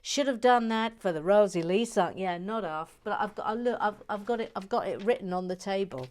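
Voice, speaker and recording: A woman's voice: mid-range voice, fairly quick, darkish tone. Playful woman, mock-formal chatter. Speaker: channel host reading viewer comments. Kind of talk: casual chat while building.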